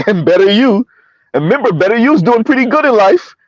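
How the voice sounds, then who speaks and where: With a high-sitting voice, big pitch swings, and a fairly quick pace, a male host offers casual social commentary on his vlog. He laughs often and keeps prompting viewers with "right?" The audio is a dry, dull lo-fi recording.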